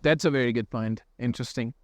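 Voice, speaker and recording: Indian man, smooth clear voice. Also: medium pitch, fast talker, no echo, clean studio sound. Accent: Indian English, softened toward American. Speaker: podcast co-host. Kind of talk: casual podcast conversation.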